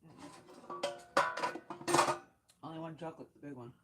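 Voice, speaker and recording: A woman streaming from her home kitchen, chatting casually while decorating cakes, soft-spoken and a little self-critical, swearing now and then. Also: sits low, fairly even intonation, unhurried, soft background music. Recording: noisy home livestream.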